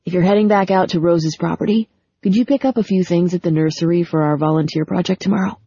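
A woman reading the lines of a brisk, practical adult man in an audiobook. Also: sits high, steady tone, warm tone, slightly rough, dry recording, dull audio. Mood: wry.

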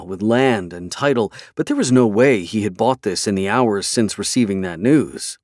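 A man narrating a fantasy novel in a measured, even storytelling way. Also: lowish voice, dry recording, clean studio sound. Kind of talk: scripted fantasy audiobook narration.

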